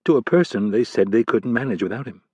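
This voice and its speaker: A man voicing a calm, middle-aged woman intelligence chief in an audiobook, measured and composed. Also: mid-range voice, slightly rough, no echo, muffled recording, pitched above the performer's own voice.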